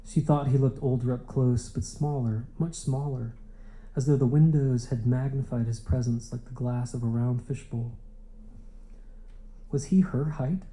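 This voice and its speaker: A man reading a literary novel aloud in a measured, unhurried way. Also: mid-range voice, mellow, rough recording. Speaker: audiobook narrator. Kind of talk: literary audiobook narration.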